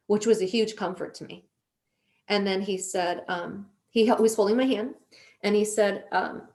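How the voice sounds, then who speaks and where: A woman's voice: medium pitch, fairly even intonation, moderate pace, a little mellow. A middle-aged woman, a guest on a conversational show, telling a personal story earnestly and emotionally, with frequent restarts.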